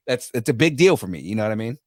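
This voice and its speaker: A man co-hosting a casual pop-culture podcast, excitedly talking through a movie trailer with his co-host. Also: mid-range voice, racing, dry recording, clean studio sound. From grew up Latino in the US. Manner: excited, hypes reactions.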